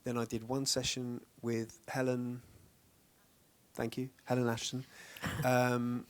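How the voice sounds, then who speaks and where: An actor speaking in a casual onstage Q&A, chatty and self-deprecating, often breaking into laughter. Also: male voice, mid-range voice, monotone, slow. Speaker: actor guest on a panel.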